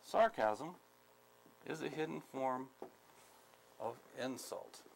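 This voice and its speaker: A man from the United States giving a skills training lecture, speaking deliberately, repeating key points, with many ums. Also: medium pitch, expressive, creaky, slight background noise, poor audio. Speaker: instructor.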